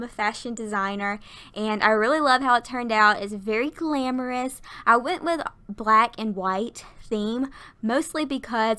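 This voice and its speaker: A YouTuber in her twenties narrates a Sims build at her workplace in a casual voiceover, chatty and rambling, laughing often while sounding tired and out of breath. Her voice is medium-pitched, a bit bright and clean, recorded on a desktop USB mic.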